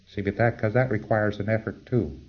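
A man's voice: lowish voice, fairly even intonation, a little fast, dull audio. A man giving an informal, rambling spoken lecture in a conversational way. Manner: rambling, conversational, chuckles at his own asides.

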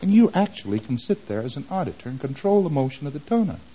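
A man giving a lecture, acting out exchanges with quick mumbled asides. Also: a little high, sing-song, lo-fi sound. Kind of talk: recorded lecture.

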